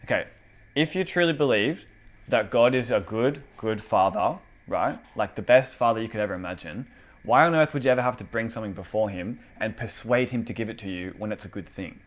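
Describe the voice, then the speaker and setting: Young guy preaching super casually, lots of "like" and "you know", animated and chatty. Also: fairly low pitch, brisk. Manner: conversational, animated, many fillers. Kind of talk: casual sermon.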